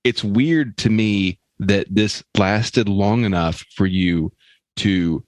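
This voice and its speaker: Man co-host with a very deep voice, halting and wry, dry studio mic. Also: no echo. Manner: halting, restarts often, wry questions. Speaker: podcast co-host. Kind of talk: casual comedic chat.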